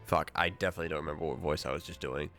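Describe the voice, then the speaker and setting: A man streaming a video game, chatting casually, excitable and swearing a lot as he jokes along. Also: extremely low pitch, rapid-fire, faint music behind. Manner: excitable, profane, joking. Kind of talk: casual gameplay chat.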